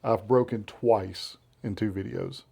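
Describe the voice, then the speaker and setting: Deep-toned Southern man telling animated stories. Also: a little slow, creaky, breathy edge. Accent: Southern American. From Southern United States. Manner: animated storyteller who acts out quotes. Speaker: interview guest, beard care brand founder. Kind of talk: casual storytelling interview.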